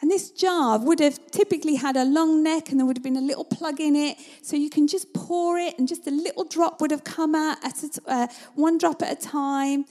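Woman preacher, high and mellow, vivid storyteller. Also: a little fast, few pauses. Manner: conversational, vivid storytelling, sometimes drops to a hush. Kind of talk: sermon.

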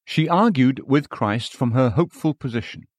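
A man reading a sermon aloud in measured, formal, old-fashioned preaching language. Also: mid-range voice, expressive, no room sound, clean studio sound. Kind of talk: read sermon.

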